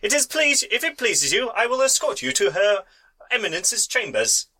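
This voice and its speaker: A man's voice: sits high, sing-song, moderate pace, pushed and bright, a little hiss or hum, voice pushed up, heavily acted. A man voicing a fussy, formal male protocol droid aide in a tabletop game. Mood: formal, polite.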